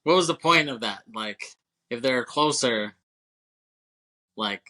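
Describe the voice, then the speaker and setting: A man's voice: medium pitch, animated, slow, pushed and bright. A man co-hosting a casual movie podcast, laughing often, swearing and acting out scenes as he recaps. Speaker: podcast co-host.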